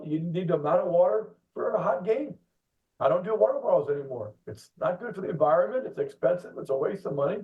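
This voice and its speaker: A middle-aged man talks in an animated way, acting out voices and laughing through his stories. His voice sits fairly high for a man. It comes through a tinny, phone-like line, heard from some distance off the mic. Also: reverberant. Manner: animated storyteller who laughs and acts out kids and parents. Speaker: director of coaching at a youth soccer club. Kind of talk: casual podcast chat.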